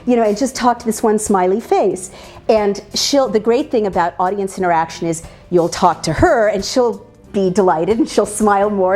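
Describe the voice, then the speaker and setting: A woman's voice: medium pitch, warm tone. A woman teaching public speaking to a live audience, emphatic and demonstrating vocal habits by acting them out. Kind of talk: instructional talk to an audience.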